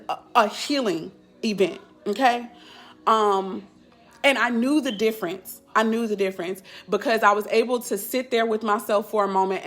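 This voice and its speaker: A woman's voice: mid-range voice, a bit bright. A woman life coach chatting casually on a live stream, candid and blunt in loose, slangy talk.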